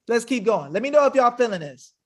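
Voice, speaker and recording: A man's voice: very high voice, big pitch swings, quick pace, fairly bright tone. A man hosting a webinar in an emphatic, combative, slangy manner, talking casually to his viewers. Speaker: webinar host. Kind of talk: fiery casual livestream talk.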